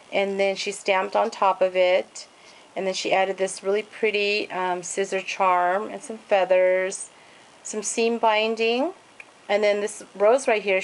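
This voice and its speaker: A woman's voice: medium pitch, low-quality recording. A woman casually showing off craft pages in a home video, gushing over each piece and stringing details together with "and then" and fillers. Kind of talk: casual show-and-tell.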